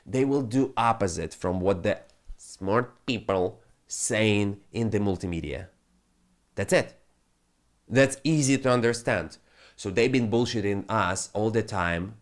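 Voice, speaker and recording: Profane, ranting male crypto host. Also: lowish voice. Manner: profane, animated, non-native phrasing. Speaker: crypto trading channel host. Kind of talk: ranting market commentary.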